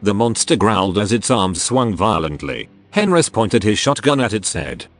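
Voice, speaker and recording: Low synthetic male narrator. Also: moderate pace. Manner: flat synthetic reading. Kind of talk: scripted narration.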